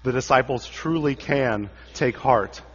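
A man preaching a dramatic sermon, his voice swelling for quoted cries and sinking low for the solemn moments. The sound is a bit dull and muffled, with a long reverb trailing off every phrase. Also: measured pace, breathy edge. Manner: dramatic, rises for quoted cries and drops low for quiet lines.

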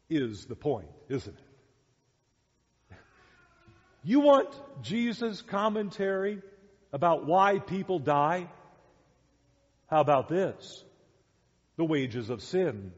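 A man's voice: a little high, slightly rough. A man preaching a sermon as pastor, emphatic and full of rhetorical questions, heard in a dull echoey church hall recording.

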